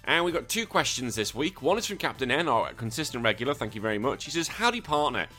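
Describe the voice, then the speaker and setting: A man's voice: medium pitch, animated, fast talker, over music. A man with a British accent hosting a retro gaming podcast, rambling in a chatty, self-deprecating way. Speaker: podcast host. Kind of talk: casual podcast monologue.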